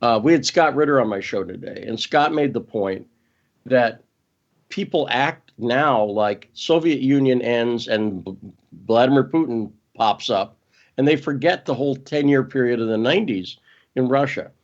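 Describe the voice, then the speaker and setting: Emphatic man talking fast on a dull line. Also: mid-range voice, lively intonation. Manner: emphatic, quick, often restarts and corrects himself. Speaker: interview guest. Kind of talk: casual interview talk.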